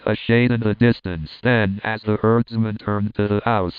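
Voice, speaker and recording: A man narrating a narrative poem as an audiobook, in a measured, steady reading. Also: on the low side, clean tone, no room sound. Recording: tinny, phone-like narrow sound.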